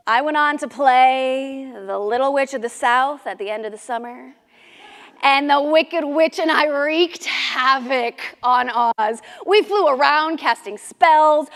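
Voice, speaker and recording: A middle-aged woman performing a comic memoir monologue on stage, with indignant, lively storytelling. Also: high voice. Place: live theater stage. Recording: reverberant hall.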